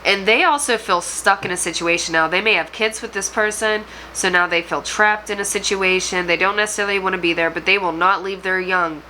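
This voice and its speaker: A woman's voice: mid-range voice, brisk, few pauses, sharp tone, slight background noise, low-quality recording. A woman tarot reader addressing viewers directly, talking in an emotional, rambling way. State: choked up. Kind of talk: channeled tarot reading to camera.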